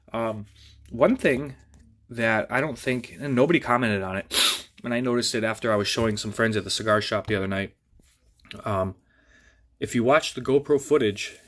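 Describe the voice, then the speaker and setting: Rambling man with a stuffy nose. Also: lowish voice. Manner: rambling, filler-heavy, restarts mid-sentence. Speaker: FPV drone hobbyist vlogger. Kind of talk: casual rambling update.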